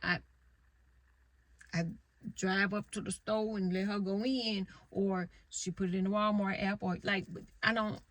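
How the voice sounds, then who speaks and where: A woman's voice: mid-range voice, level tone, a little slow, fairly bright tone, dry recording. Blunt, rambling middle-aged woman in a car. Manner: rambling, blunt, swears freely. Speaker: vlogger. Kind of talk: casual candid storytelling. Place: parked car.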